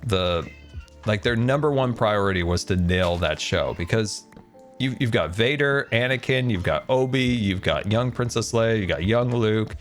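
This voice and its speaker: Male streamer, ranting, joking, lively pitch, faint music behind. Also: moderate pace. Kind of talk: casual stream chat.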